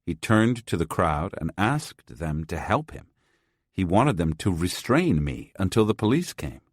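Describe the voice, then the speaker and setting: Male audiobook narrator, very deep voice, measured first-person storytelling, dry close sound. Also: big pitch swings, no echo.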